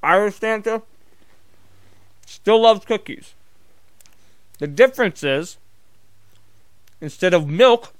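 A man's voice: high-pitched, clear, resonant tone, no echo, studio quality. A man vlogging in a casual comedic monologue, telling rambling, profane, jokey stories.

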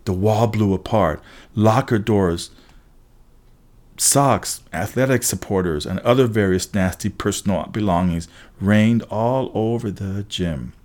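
A man reading a first-person adventure story aloud as an audiobook narrator, brisk, with occasional restarts. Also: fairly low pitch, darkish tone.

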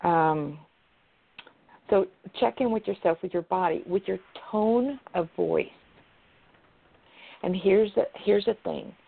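A woman shares advice in an earnest, chatty way, circling back and restarting her thoughts. Her voice carries a gravelly fry. The sound is narrow and tinny, like a phone call. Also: medium pitch, slow pace, pauses often. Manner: earnest, repeats herself, restarts sentences. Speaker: guest. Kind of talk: casual advice chat.

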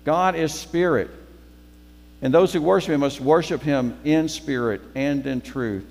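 A man's voice: a little high, normal speed, darkish tone, in a large hall. A man giving a sermon as guest preacher, conversational, repeating phrases for emphasis.

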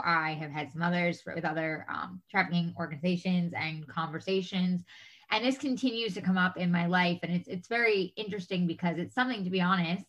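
A woman's voice: fairly low pitch, fairly bright tone. Effusive woman podcast host, lo-fi. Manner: effusive, rambling with fillers. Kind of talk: interview conversation.

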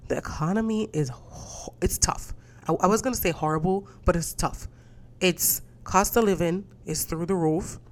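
A young woman, stuffy from a cold, hosting a casual solo podcast and telling lively stories full of swearing and acted-out dialogue. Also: lowish voice, normal speed. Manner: animated storytelling, swearing, acting out dialogue. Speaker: podcast host.

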